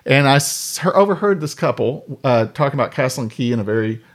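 As a guest on a podcast, a man with a mid-range voice talks fast and animatedly while telling casual stories, doing the voices of the people he describes.

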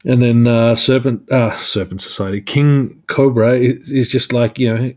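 A man's voice: mid-range voice, steady tone, unhurried, hardly any pauses, darkish tone. A man hosting a solo podcast, chatting casually about a comic book with lots of fillers and restarts. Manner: rambling, many fillers and restarts. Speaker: podcast host.

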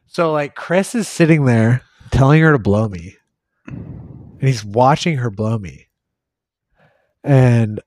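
A man's voice: medium pitch, slow pace, long pauses, darkish tone, no echo, studio quality. A young man hosting a podcast, telling a rambling, crude story full of swearing and acted-out quotes. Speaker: podcast host.

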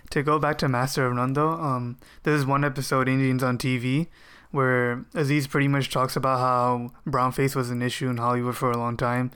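A man in casual podcast talk, explaining points in a measured way. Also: medium pitch, flat delivery, a bit bright, clean tone. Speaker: podcast co-host. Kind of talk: casual chat.

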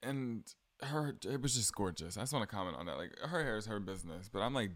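A man's voice: fairly low pitch, a little fast, few pauses, a bit bright, dry recording. A young man with a Southern accent, chatting casually on his solo podcast with frequent ums and likes. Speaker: podcast host.

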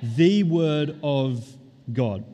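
Male pastor preaching, mellow warm tone, slow emphatic words, long hall reverb. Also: on the high side, expressive, soft background music. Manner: emphatic, stretching key words slowly. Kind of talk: sermon.

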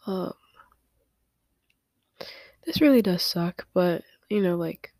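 A young woman hosting a podcast, talking through tears in a halting confessional monologue and often dropping to a whisper. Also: lowish voice, expressive, darkish tone, no echo, clean studio sound. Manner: tearful, halting, many fillers, often drops to a whisper. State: crying. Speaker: podcast host.

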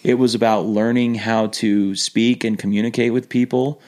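A man guesting on a podcast, telling lively stories in an animated way, laughing often and restarting his sentences. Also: lowish voice, normal speed. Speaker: podcast guest, former missionary. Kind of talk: casual storytelling interview.

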